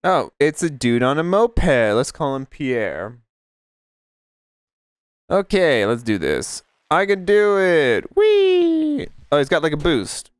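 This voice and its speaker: Male let's-play host, unhurried but panicky, cursing and squealing, clean dry sound. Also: big pitch swings, smooth, no room sound. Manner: panicky, swearing, yelps into high squeals. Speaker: gaming video creator.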